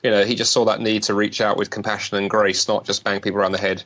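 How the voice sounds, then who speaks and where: A man from London with a British accent, talking as a guest on an interview show, quick and jokey with many restarts. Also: lowish voice. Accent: British English. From London, England. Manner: fast, lively, joking, many restarts. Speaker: guest speaker. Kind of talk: podcast interview.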